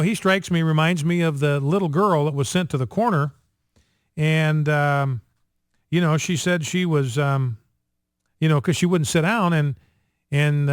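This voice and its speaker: Man, talk radio host, opinionated commentary, slightly high voice, dry studio sound. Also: no room sound. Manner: opinionated, many fillers and restarts.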